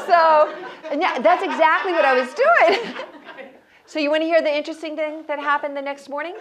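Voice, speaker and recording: Animated woman leading a workshop. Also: high-pitched, moderate pace, crowd noise. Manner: animated storyteller, acts out quotes, laughs at herself. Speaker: motivational speaker leading a workshop. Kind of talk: workshop talk with stories.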